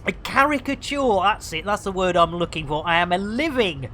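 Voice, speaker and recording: Here the English streamer's voice is on the low side and a bit bright, expressive and at a moderate pace, over a slight hiss or hum. She talks to her audience while gaming, reading out chat and throwing in sweary jokes and rhyming slang, all casual live-stream talk.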